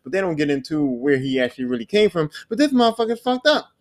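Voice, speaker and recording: Man, high voice, casual profane podcast rant. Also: sing-song, fast. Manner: profane, rambling, acts out quoted characters in exaggerated voices. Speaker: podcast host. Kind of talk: casual comedic monologue recapping a show.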